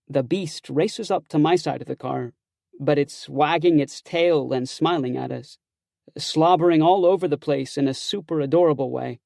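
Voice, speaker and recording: A man's voice: medium pitch, creaky, a little mellow, dry recording. A man narrating a first-person audiobook in a wry, conversational, self-conscious way, close to a studio mic.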